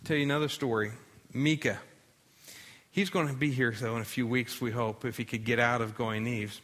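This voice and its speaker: A man's voice: medium pitch, steady tone, moderate pace, a bit bright, long reverb tail. A male pastor giving a sermon in a conversational preaching style, with dramatic readings of scripture.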